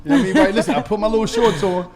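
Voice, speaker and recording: High-voiced man telling a laughing story. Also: racing, a loud crowd. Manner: animated, laughing, profane, stammering repeats. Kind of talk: casual storytelling chat.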